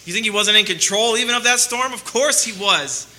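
A man preaching a sermon, asking rhetorical questions and swinging between loud emphasis and quiet, low lines. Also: a little fast. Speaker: pastor.

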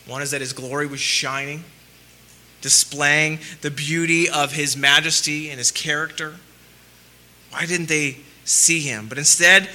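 A man preaching a sermon, asking rhetorical questions and swinging between loud emphasis and quiet, low lines. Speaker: pastor.

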